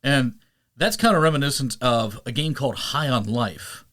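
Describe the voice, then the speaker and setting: A man hosting a podcast and chatting casually, animated and quick to slip into playful voices; he narrates audiobooks. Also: mid-range voice. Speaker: podcast host. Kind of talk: casual chat.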